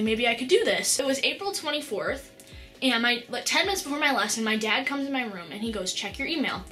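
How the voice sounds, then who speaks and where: Bright-voiced excited teen girl vlogger. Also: fairly high pitch. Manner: excited, rambling, full of "like" and restarts. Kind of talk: casual storytelling vlog.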